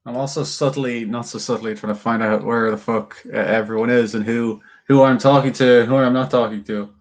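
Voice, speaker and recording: A young man on a relaxed livestream, talking to his chat as he works. His pitch sits in the middle of the range, and he swears casually and muses aloud in loose, chatty speech. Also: fairly quick. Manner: swears freely, chats with viewers while carving.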